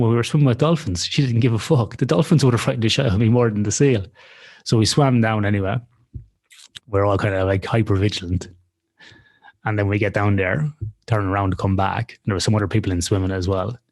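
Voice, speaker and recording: A man's voice: on the low side, fast, a little mellow. A man telling a story in casual podcast chat, swearing freely and talking animatedly. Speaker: podcast co-host.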